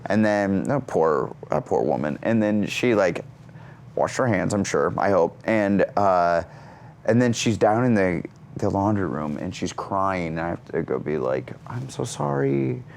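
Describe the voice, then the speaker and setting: A man's voice: deep voice, measured pace, a little hiss or hum. A man who is an actor and comedian, telling comic stories as a guest in an interview. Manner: animated, comic storyteller. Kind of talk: storytelling in an interview.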